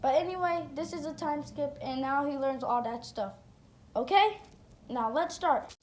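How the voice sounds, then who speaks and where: Rambling high-voiced woman telling a story. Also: measured pace. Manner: rambling, self-correcting. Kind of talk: unscripted fan story narration. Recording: roomy echo, faint noise.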